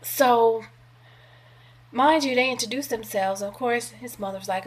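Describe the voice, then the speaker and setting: A middle-aged woman telling a long personal story casually, animated and profane, acting out what others said. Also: on the high side, a little slow, breathy edge. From California. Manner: animated, profane, acts out quoted voices. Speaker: vlogger.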